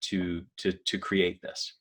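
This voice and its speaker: A man's voice: low-pitched, little pitch movement, slow, a bit bright. A man hosting a podcast interview, asking questions with enthusiasm and admiration, often restarting his sentences. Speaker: podcast host.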